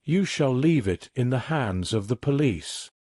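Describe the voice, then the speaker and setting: A man's voice: mid-range voice, expressive, measured pace, a little mellow, husky, no room sound, studio quality. A man voicing an older banker father, stern and indignant toward his son. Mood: furious.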